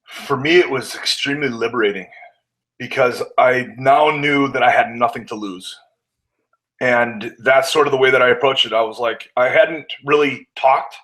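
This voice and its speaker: Man, interview guest, candid storytelling, acts out quotes, mid-pitched voice. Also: normal speed, a bit bright, low-quality recording. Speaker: guest, pro wrestler.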